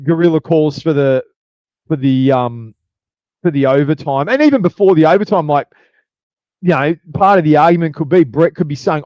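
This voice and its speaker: A man's voice: fairly high pitch, normal speed, darkish tone, dry recording, highs cut off. A man co-hosting a podcast in casual chat, rambling with repeated words and acting out quotes. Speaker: podcast co-host.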